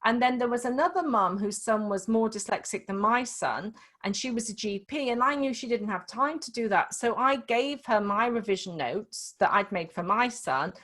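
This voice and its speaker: A woman's voice: a little high, lively intonation, normal speed, few pauses, fairly bright tone. Chatty Scouse woman coaching over a call. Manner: chatty and explanatory, with frequent restarts. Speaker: dyslexia coach. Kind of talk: one-to-one coaching session.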